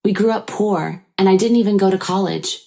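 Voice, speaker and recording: A woman's voice: medium pitch, brisk, vocal fry, warm tone, natural voice. A woman voicing a greedy, scheming husband who talks in a blunt, scornful way. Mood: cold.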